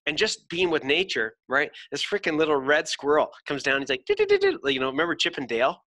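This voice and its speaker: A man hosting a podcast, telling an animated story in casual chat, swearing freely and acting out voices. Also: fairly high pitch, fast. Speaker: podcast host.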